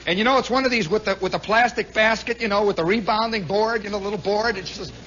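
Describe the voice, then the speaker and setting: A man, a radio host, telling a comic story live in a nightclub, animated and chuckling with lots of asides. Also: high voice, fast talker, a little hiss or hum. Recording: muffled 1960s live radio recording.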